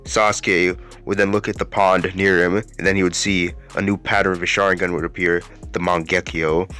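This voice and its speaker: Low-voiced casual man narrating fan theories. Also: little pitch movement, moderate pace, sharp tone, clear, resonant tone, soft background music. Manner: casual, rambling, with fillers and restarts. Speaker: YouTube host.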